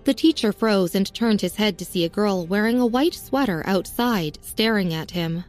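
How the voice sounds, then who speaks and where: A woman narrates a serialized story in a steady, even reading voice of medium pitch. Her delivery stays measured from line to line. Soft music sits faintly behind her. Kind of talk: scripted audiobook narration.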